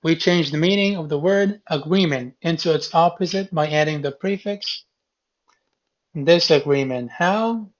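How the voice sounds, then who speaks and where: A man teaching a class goes over a reading quiz, explaining each question step by step and patiently repeating key words. His voice is on the high side at a measured pace, captured in a dull, lo-fi classroom recording.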